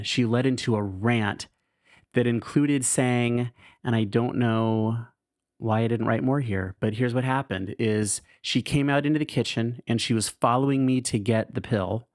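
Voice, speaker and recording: A man with a fairly low voice hosts a podcast, reading his caregiving diary aloud with frank, wry candor. He swears casually and laughs at himself, and the recording is studio quality with no echo.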